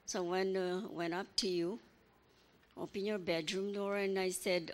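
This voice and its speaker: An older woman giving a halting, emotional memorial speech as a grandmother, full of apologies and small stories. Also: medium pitch, steady tone. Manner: halting, apologetic, tells little anecdotes.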